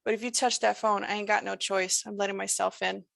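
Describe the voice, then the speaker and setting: A woman's voice: mid-range voice, flat delivery, fairly quick, gravelly, a bit bright, dry recording. A woman voicing a menacing supernatural male stranger with a folksy drawl and a lilting, sing-song way of talking.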